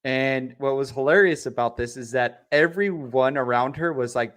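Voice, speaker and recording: A man's voice: medium pitch, a little slow, fairly bright tone. A man co-hosting a casual political commentary show, explaining things with many fillers and easy laughs. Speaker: co-host.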